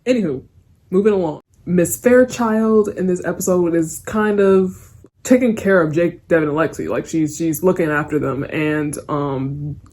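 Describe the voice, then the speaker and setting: A woman's voice: lowish voice, normal speed, darkish tone. A young woman giving a casual spoken review of a TV episode, rambling and giggly, with lots of fillers and restarts. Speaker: TV series reviewer.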